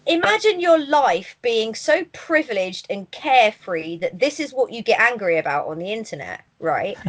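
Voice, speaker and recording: Chatty higher-voiced woman podcast host. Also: sing-song, normal speed, low-quality recording. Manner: chatty, laughing, sarcastic asides. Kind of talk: casual podcast chat.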